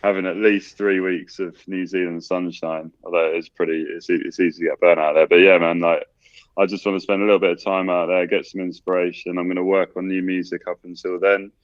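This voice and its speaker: Guest DJ, man, deep voice, easygoing rambling talk, muffled dry video-call sound. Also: brisk, no echo. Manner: relaxed, rambling, full of fillers and "man". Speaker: DJ and producer, guest. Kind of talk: casual video-call interview.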